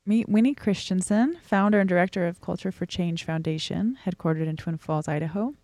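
A woman's voice: lowish voice, fairly quick, a little mellow. Woman hosting an interview podcast. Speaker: podcast host. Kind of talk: scripted podcast intro and interview.

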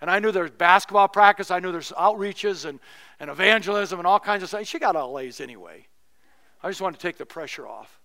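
A man's voice: high voice, brisk, pushed and bright. A middle-aged male pastor preaching a sermon, telling a personal story in a conversational, humorous way.

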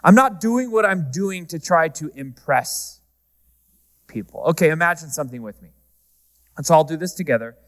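A man preaching a sermon, talking to the congregation in a conversational, humorous way and shifting often between loud and soft. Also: a little high, expressive, normal speed. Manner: conversational preaching with humor, varying pace and volume. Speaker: pastor. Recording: reverberant hall.

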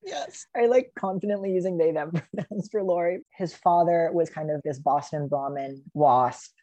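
Woman podcaster, low mellow voice, dry close sound, eager and laughing, acts out quotes. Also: normal speed, no echo. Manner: enthusiastic, laughing often, acting out quotes. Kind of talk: casual podcast discussion.

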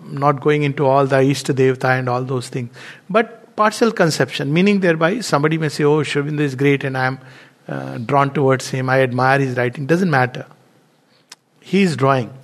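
A man giving a spiritual talk, telling anecdotes in a loose, storytelling way with fillers. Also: medium pitch. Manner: anecdotal, warm storytelling with frequent fillers and laughs. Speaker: spiritual teacher.

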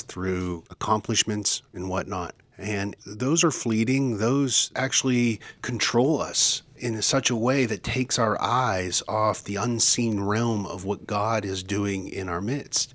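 A man co-hosting a devotional podcast, teaching in an earnest, preacherly way and slowing down for emphasis. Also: on the low side, a bit bright. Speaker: podcast co-host.

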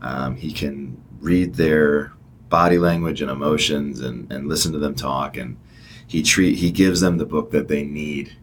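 A man with an extremely deep voice chats casually as a book show co-host. He talks in a relaxed, halting way, full of ums and uhs. Faint background noise sits under him. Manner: relaxed, hesitant, many fillers. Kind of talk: casual chat.

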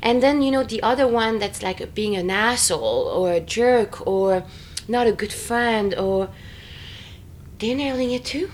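A woman in a casual, expressive chat, full of fillers and quick laughter. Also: a little high, a little hiss or hum. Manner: chatty and expressive, many fillers, frequent laughter.

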